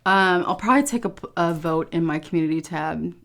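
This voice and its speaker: A tired food vlogger talks candidly to her viewers in a casual home food vlog, her voice lowish and fairly quick. She swears freely and keeps saying "you guys."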